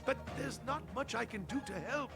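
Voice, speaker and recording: A man's voice: extremely high pitch, brisk, gravelly, over music. An actor playing a fretful, overly polite male official in a video game, with a posh English received-pronunciation accent and over-enunciated speech. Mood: anxious, formal. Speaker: game character.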